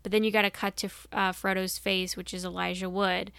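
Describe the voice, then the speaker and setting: A woman's voice: medium pitch, level tone, fairly quick, creaky, fairly bright tone, smooth, dry recording. A woman co-hosting a podcast, chatting in a rambling, enthusiastic way. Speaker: podcast co-host. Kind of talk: casual chat.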